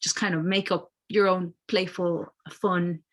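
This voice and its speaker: A woman's voice: on the low side, little pitch movement, a little slow, fairly bright tone. A woman from Mexico, a guest artist talking in a friendly, hesitant way on a video call. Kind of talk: casual interview.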